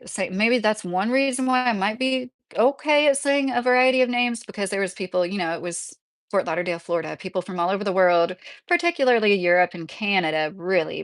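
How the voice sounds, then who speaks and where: A middle-aged woman livestreaming, chatting casually with her viewers in a rambling, earnest way and filling her talk with "like". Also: mid-range voice. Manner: rambling and earnest, heavy use of "like". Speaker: livestreamer reading chat.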